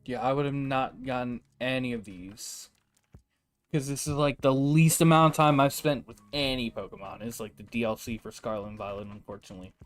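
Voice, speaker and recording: A young man livestreaming, reading names aloud and reacting in an animated, chatty way. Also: medium pitch, a little fast. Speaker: streamer. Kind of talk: casual livestream chat.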